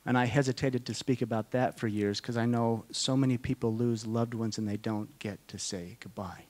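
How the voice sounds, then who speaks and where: A middle-aged man speaking to a conference audience, telling a personal story in a slow, halting, deeply emotional way, often dropping to a hush. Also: steady tone. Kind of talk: personal testimony talk to an audience. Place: conference hall.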